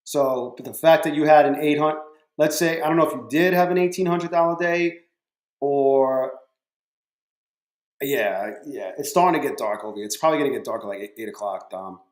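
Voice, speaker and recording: A man's voice: medium pitch, moderate pace. A man hosting a casual live stream from home, talking to his viewers by name and swearing freely. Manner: profane, talks to chat viewers by name. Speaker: livestream trading host. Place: home room. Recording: roomy echo.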